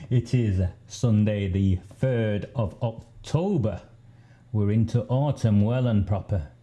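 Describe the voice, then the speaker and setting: Male streamer from northern England, slow and deliberate delivery, dark mellow tone. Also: medium pitch. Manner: slow, deliberate, with asides and laughter. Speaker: host. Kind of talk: live-stream political commentary.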